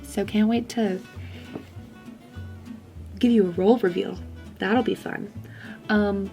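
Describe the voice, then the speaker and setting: A woman's voice: mid-range voice, fairly even intonation, slow pace, warm tone, soft background music. A woman in her twenties chatting casually to camera in a vlog, full of "um" and "like" fillers. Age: 20s. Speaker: vlogger. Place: school during lunch break.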